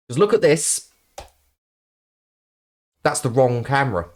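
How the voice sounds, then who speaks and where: A man's voice: mid-range voice, lively intonation, a little slow, pauses often. A man streaming live, chatting casually to viewers in a playful, sarcastic, rambling way with plenty of ums.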